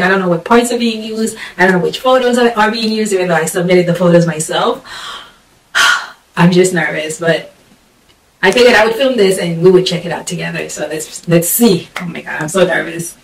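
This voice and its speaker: A woman in a casual vlog, talking nervously and excitedly, breaking into squeals and laughter. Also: fairly low pitch, reverberant, distant mic, rough recording. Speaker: vlogger.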